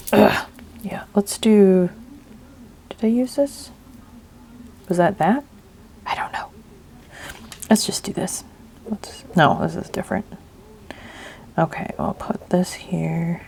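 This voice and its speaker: This craft-video host has a lowish, somewhat mellow voice, heard over slight background noise. As she works, she keeps up casual narration, thinking out loud and frequently half-whispering and mumbling to herself.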